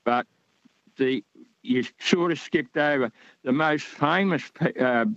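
A man's voice: on the high side, slow pace, a bit bright, no echo, muffled recording. A man from Australia calling in to a radio show, talking in a rambling, hesitant way with many fillers. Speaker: caller. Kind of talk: radio call-in chat.

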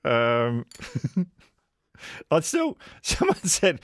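A man's voice: a little high, huge pitch swings, a little slow, dry recording. A man hosting talkback radio, chatting with callers and laughing often. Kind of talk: warm casual on-air chat with callers. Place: radio studio.

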